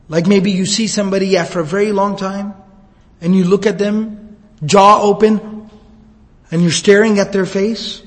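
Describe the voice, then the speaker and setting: A man giving an animated religious lecture, retelling a story and explaining phrases by repeating and rephrasing them. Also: high-pitched. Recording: long hall reverb.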